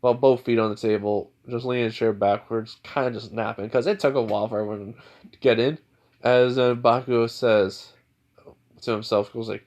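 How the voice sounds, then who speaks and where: A man's voice: mid-range voice, steady tone, moderate pace, darkish tone. A man casually narrating an improvised fan story, rambling with lots of fillers. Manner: rambling, filler-heavy retelling.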